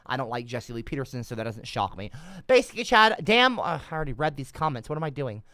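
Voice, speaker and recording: A man doing rambling, sarcastic livestream commentary, cursing often, trailing off mid-sentence and swinging between mumbles and loud outbursts. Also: mid-range voice, big pitch swings, fast, no echo, clean studio sound.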